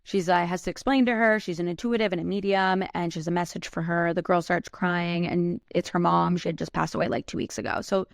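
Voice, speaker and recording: Casual low-voiced woman in her thirties. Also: fairly even intonation, brisk, vocal fry, few pauses, no room sound, clean studio sound. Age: 30s. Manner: casual, heavy use of "like", swears freely. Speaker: podcast host. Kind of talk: personal storytelling.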